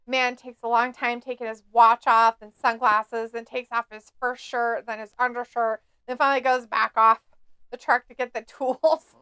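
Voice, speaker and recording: A woman's voice: fairly high pitch, little pitch movement, normal speed, sharp tone, clean tone, no echo. A woman co-hosting a live stream, chatting casually, laughing often and reading viewer comments aloud. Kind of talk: casual watch-along chat.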